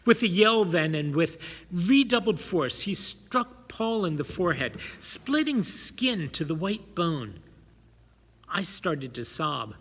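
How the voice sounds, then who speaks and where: A man reading a dramatic story aloud with expressive emphasis. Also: sits high, takes it slowly, breathy edge. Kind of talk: dramatic audiobook narration. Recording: long hall reverb.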